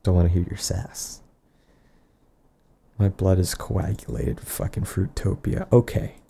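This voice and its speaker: A man delivering an improvised, absurd comedy monologue in a rambling, deadpan way, often trailing off and restarting. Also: deep voice, a little slow, gravelly, slight background noise.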